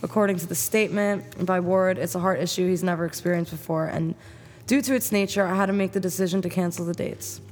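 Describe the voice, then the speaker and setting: A woman's voice: fairly low pitch, fast talker. A woman reads news stories aloud on a casual chat show, plainly and loosely, skipping parts she finds dull. A long reverb hangs on her voice. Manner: plain, slightly flat reading, skips with "blah blah". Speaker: podcast co-host reading news.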